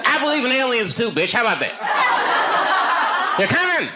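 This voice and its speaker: A man doing a stand-up routine and chatting with the crowd, riffing in a swooping, animated way. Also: very high voice, fast talker. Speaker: stand-up comedian. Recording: live show with loud audience noise.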